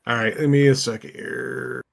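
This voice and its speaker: Man, tabletop player, gravelly, unsure and halting. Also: mid-range voice, fairly even intonation. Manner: hesitant, unsure. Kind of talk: tabletop game chat.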